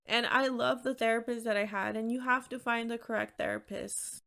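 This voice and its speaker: A woman's voice: a little high, fairly even intonation, moderate pace, gravelly, sharp tone. A woman hosting her own podcast, talking candidly and conversationally on her own with frequent "like" fillers. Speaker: podcast host. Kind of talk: solo podcast talk.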